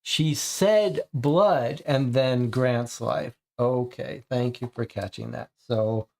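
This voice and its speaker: A man's voice: mid-range voice, slow pace, vocal fry, a little mellow. A man casually commenting as he plays a mystery game, thinking aloud and reading its text to viewers. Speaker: game streamer.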